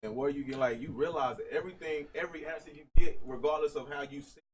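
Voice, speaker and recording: A man's voice: on the high side, fast, a little hiss or hum, poor audio. A man talking in a casual group discussion on a podcast, speaking earnestly and reflectively, repeating phrases for emphasis. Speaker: podcast host.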